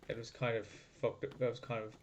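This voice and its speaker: A man giving panicked gameplay commentary, yelling and swearing one moment and muttering to himself the next. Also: medium pitch, little pitch movement, fast talker, lo-fi sound. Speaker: gaming video creator. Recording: loud background noise with clicks.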